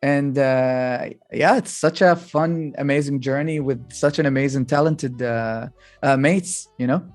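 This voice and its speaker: A man from Kuwait talking as a musician guest on a podcast, relaxed and halting, with plenty of fillers. His voice sits at a middling pitch. Faint music plays in the background. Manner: relaxed, hesitant, many fillers. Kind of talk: casual podcast interview.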